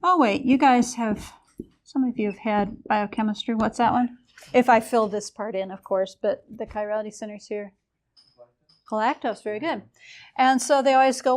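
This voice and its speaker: A woman's voice: a little high, moderate pace. A woman lecturing a chemistry class in a casual, explanatory way, with a few fillers as she goes.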